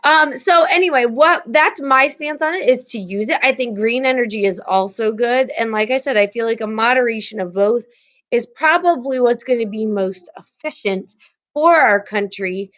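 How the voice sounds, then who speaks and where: A woman's voice: fairly high pitch, normal speed, a bit bright. Chatty woman teaching an online class. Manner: chatty, filler-heavy, many restarts. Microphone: video call.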